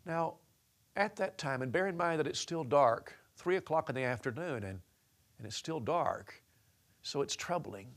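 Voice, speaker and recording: A man's voice: on the high side, animated, moderate pace, vocal fry. A man preaching a sermon as a story, talking with many restarts and changing his voice for quoted lines.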